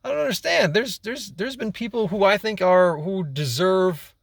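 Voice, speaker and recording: A man's voice: sits high, normal speed, vocal fry, no room sound, studio quality. A young man ranting casually to camera as a vlogger, exasperated and rambling, repeating himself and swearing.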